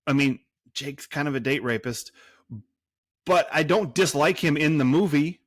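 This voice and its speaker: A man's voice: a little high, moderate pace, dry recording, clean studio sound. A man co-hosting a movie podcast in casual chat, rambling and cursing, full of fillers and restarts. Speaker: podcast co-host.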